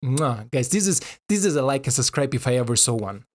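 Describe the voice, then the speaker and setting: A man giving casual, excitable commentary over a card game, swearing and talking to his viewers in non-native English. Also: medium pitch, fairly quick.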